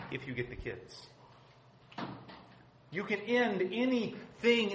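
A man's voice: fairly high pitch, fairly bright tone, slight background noise. A male pastor preaching a sermon in a church, emphatic, asking the congregation rhetorical questions and repeating his points. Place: church sanctuary. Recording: echoey church room.

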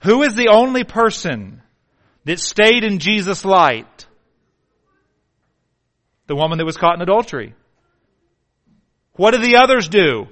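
A man preaching a sermon, firing rhetorical questions and swinging between loud emphatic bursts and hushed, slow passages. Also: sits high, big pitch swings.

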